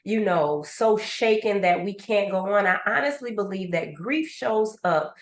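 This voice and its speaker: Woman host, lively storyteller, recorded in an echoey room. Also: mid-range voice, a little slow. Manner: animated storyteller, acts out voices in asides. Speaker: host and grief coach. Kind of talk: conversational podcast talk.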